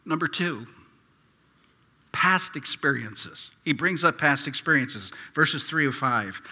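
A man preaching a sermon as a pastor, impassioned, swinging from hushed asides to loud pleading. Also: a little high, expressive, slow pace, husky, big-room sound.

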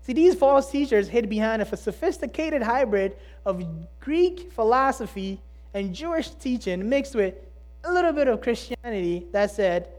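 A preacher giving a sermon in a mid-pitched voice, pressing hard on key words. The delivery keeps rising into pointed rhetorical questions and then dropping to a hush. It sounds earnest and driving. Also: animated, normal speed. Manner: emphatic, asks rhetorical questions, swings between loud and hushed.

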